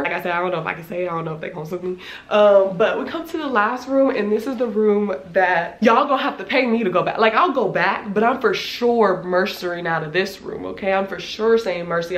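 Animated slangy young woman, roomy echo. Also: mid-range voice. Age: 20s. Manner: animated, slangy, swears freely, many "like" fillers. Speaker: vlogger. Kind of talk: casual storytime. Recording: echoey room.

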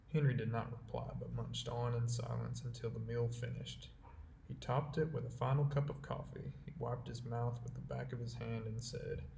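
Gravelly man reading a story. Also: mid-range voice. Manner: measured, steady reading. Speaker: audiobook reader. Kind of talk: storybook narration. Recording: roomy echo, faint background hiss.

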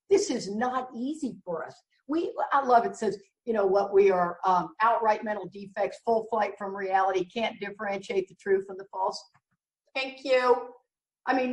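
A middle-aged woman gives a candid recovery talk, emphatic and blunt, sprinkled with wry jokes. Her voice is fairly high and animated at a normal speed. She's recorded from a distance in an echoey room, picked up through the mic.

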